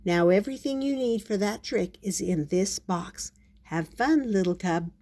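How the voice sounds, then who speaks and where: A woman's voice: mid-range voice, lively intonation, a little slow. An older woman voicing a kind, patient old male shopkeeper in a storybook reading. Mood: kindly. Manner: gentle and encouraging.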